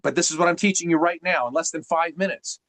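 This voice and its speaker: A man's voice: a little high, quick pace, a bit bright, no echo, rough recording. A man coaching on a group video call, teacherly and emphatic, firing off rhetorical questions. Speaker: sales coach.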